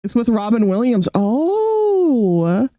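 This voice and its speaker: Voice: mid-range voice, big pitch swings, slow pace, mellow, dry recording. A streamer chatting casually and jokingly while reacting to a video, often laughing and rambling.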